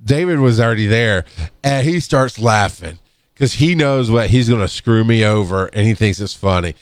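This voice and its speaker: A man's voice: moderate pace, no echo. Easygoing middle-aged man telling work stories. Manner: rambling, restarts, acts out quotes in a higher voice. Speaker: podcast co-host, EMS worker. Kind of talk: casual storytelling chat. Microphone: studio microphone.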